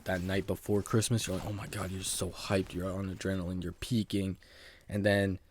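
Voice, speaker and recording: A man's voice: sits low, level tone, normal speed, slight background noise. A young man telling an embarrassing story from his school days in a rambling, self-mocking casual monologue, full of "like" and "bro".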